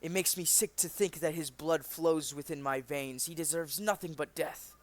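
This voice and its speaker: A man's voice: on the high side, moderate pace, natural voice. A man voicing a cold, scheming young man who speaks with bitter venom.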